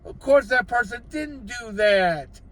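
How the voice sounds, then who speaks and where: A man's voice: very high voice, expressive, takes it slowly, pushed and bright. An older man, a gig delivery driver, giving blunt, exasperated advice in a casual vlog from his vehicle. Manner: blunt, exasperated, lecturing with rhetorical questions.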